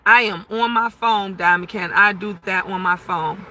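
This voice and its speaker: A woman in her fifties talking loudly and emphatically on a casual livestream, chatting and answering viewer comments. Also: mid-range voice, steady tone, moderate pace, slight background noise. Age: 50s. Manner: loud, emphatic talker who gets louder when emotional.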